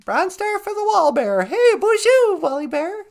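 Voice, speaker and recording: A woman's voice: very high voice, sing-song, measured pace, darkish tone. A woman co-hosting a podcast in casual chat, playful and teasing, laughing easily. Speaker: podcast co-host.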